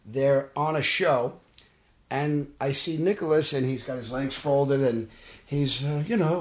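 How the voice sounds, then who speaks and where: Unhurried and mid-range, this man's voice has a Brooklyn New York accent; he's an actor from Brooklyn appearing as a guest on a casual podcast. He tells stories with animation, acting out what people said, and the studio recording is roomy and echoey.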